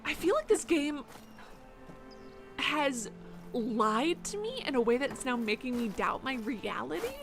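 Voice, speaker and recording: A woman's voice: high voice, sing-song, a little slow, pauses often, music in the background. A woman streaming a video game, ranting in dramatic exasperation. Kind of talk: live game stream commentary.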